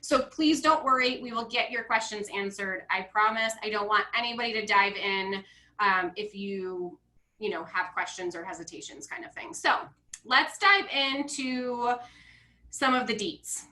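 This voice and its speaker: Bright, bubbly woman hosting a live video call, fairly high voice, echoey room. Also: unhurried. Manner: bubbly, excitable, reads comments aloud. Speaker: financial coach hosting a live launch call. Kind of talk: casual live-stream talk.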